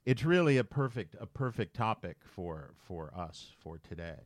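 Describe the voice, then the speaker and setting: This podcast co-host has a voice on the low side and speaks at a moderate pace, recorded without echo. Animated, he tells a story in easygoing conversation, performing the voices of the people he quotes.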